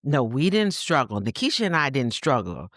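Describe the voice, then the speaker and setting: A woman with a Southern American accent co-hosts a casual podcast, her pitch swinging widely as she talks. She laughs easily and keeps her phrasing loose and colloquial. The sound is close and dry. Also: big pitch swings, moderate pace, a bit bright, no echo. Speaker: podcast co-host.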